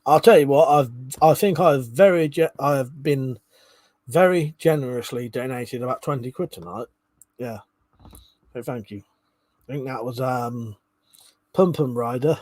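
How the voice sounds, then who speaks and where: Hosting a laid-back livestream, a man reads his chat aloud, chuckling and cursing freely in casual conversation. He has a mid-range voice, recorded dry.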